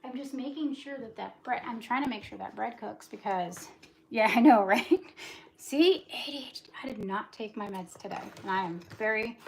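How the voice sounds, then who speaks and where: A woman's voice: on the high side, vocal fry. A talkative woman in her forties, rambling through a casual livestream chat while she does dishes and cleans. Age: 40s. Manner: talkative, rambling, fast-talking. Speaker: livestream host.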